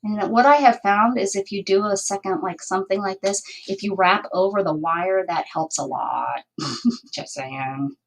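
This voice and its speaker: A woman's voice: mid-range voice, unhurried, vocal fry, rough recording. A woman hosting a crafting livestream, chatting casually and thinking aloud as she works. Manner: chatty, thinking aloud while working, with asides and laughs.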